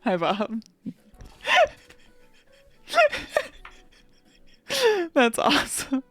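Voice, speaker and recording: A woman streamer reacting to a game on a live stream, chatting casually and gushing excitedly, her talk full of "like" fillers. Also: medium pitch, normal speed, dry recording, soft background music.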